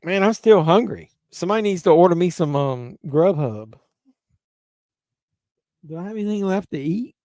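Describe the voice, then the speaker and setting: A tipsy man rambles through a live movie watch-along, cursing casually and answering his viewers' chat. His voice sits a little high and comes through smooth and resonant. The sound is dry and close, with no room echo. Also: expressive, normal speed, pauses often, mellow. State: tipsy from drinking. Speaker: live-stream host.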